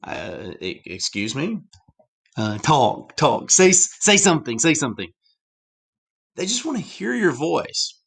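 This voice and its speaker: A man with a Southern US accent giving a chatty classroom lecture full of asides. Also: mid-range voice. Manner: animated, chatty, with many asides. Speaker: teacher.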